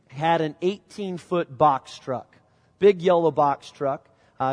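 Man, middle-aged, from Illinois, pastor, conversational sermon, long church hall reverb. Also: sits high. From Illinois, USA. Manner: conversational storytelling preaching. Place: church sanctuary.

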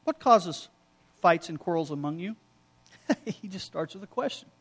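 A middle-aged male pastor delivering a sermon with a notably high voice. He tells stories with animated energy and drops into quoted lines of dialogue. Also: moderate pace, husky. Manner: animated storytelling preacher with quoted asides.

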